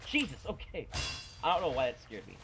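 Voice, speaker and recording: A man casually commenting on his gameplay at a desktop microphone, joking, excitable and swearing freely. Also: mid-range voice, fairly quick, gravelly, noisy background. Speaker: gaming channel host. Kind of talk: casual let's-play commentary. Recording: loud game gunfire and rockets behind. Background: loud game sounds.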